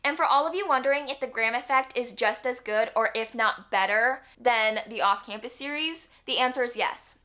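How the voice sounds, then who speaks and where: A woman's voice: a little high, normal speed, hardly any pauses, pushed and bright. A young woman chatting casually on her book vlog, bubbly and full of "like" fillers. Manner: chatty, bubbly, heavy use of "like". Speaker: book vlogger.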